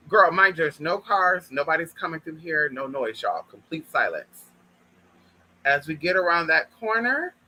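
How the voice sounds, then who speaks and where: A man telling a personal story to viewers in an animated, profane way, often calling them girl and y'all. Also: sits high, low-quality recording. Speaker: vlogger. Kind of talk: casual storytime monologue.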